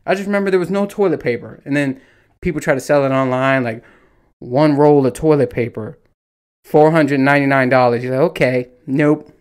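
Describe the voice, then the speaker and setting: A man's voice: mid-range voice, fairly quick, clean tone. A man in his thirties ranting casually as a solo podcast host, telling stories with lots of swearing and acting out what people said. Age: 30s. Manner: animated, profane storytelling with mimicked dialogue.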